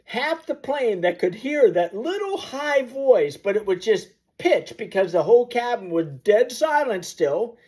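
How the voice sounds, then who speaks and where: A very high, darkish voice with big pitch swings flows at a measured pace with hardly any pauses. The man, a motivational storyteller, shares a personal anecdote to the camera, vividly and with sound effects, aiming to inspire.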